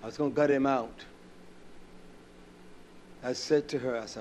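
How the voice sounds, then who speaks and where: A middle-aged male preacher giving a sermon, swinging from shouted preaching to low, muttered storytelling. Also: a little slow, long pauses, a little hiss or hum.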